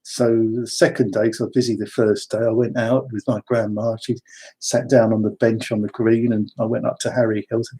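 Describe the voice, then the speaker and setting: A man's voice: medium pitch, flat delivery, a little fast, dark tone, slightly rough. A man, casually telling personal stories in a rambling way, with chuckles and wry asides.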